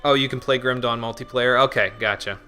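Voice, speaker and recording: A man's voice: mid-range voice, fairly even intonation, brisk, bright, forceful tone, faint music behind. A man hosting a casual gaming livestream, chatting easily with viewers and often repeating himself as he talks. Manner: chatty, responds to chat, repeats words. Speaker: livestream host.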